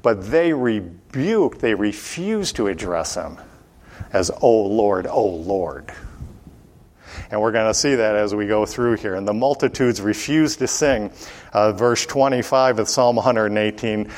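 A man's voice: lowish voice, moderate pace. A man teaching the Bible verse by verse. He keeps asking the listeners questions and answering them himself, and his voice rises when he reads scripture aloud.

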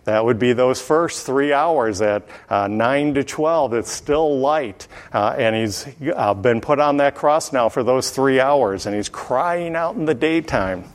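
A man's voice: mid-range voice, lively intonation. Man teaching scripture in a reverberant hall. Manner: unhurried, frequent uh fillers and throat clearing. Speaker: Bible teacher. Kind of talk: verse-by-verse Bible teaching.

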